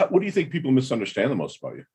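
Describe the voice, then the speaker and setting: A man's voice: mid-range voice, wildly swooping pitch, fast talker, fairly bright tone, slight background noise. A man from the American Midwest hosting a podcast interview, effusive and slangy, calling his guest dude and brother. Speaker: podcast host. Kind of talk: casual interview.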